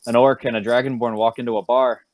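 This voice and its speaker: A man's voice: mid-range voice, level tone, quick pace, no room sound, lightly acted. A man voicing a folksy, big-bellied male half-orc emcee in a tabletop game, speaking with a drawl.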